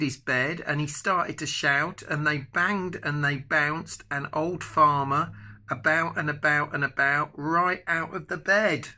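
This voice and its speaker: Older man, grandad, bedtime story reading, slightly high voice, animated asides. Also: a little slow. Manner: animated, adds chatty asides to the children.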